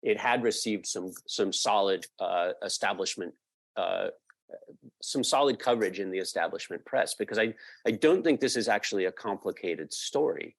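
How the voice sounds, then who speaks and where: Man, podcast guest, low voice, dry sound, thoughtful, halting, lots of fillers. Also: expressive, gravelly, slightly rough, no echo. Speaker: podcast guest, media researcher. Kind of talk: explanatory interview answers.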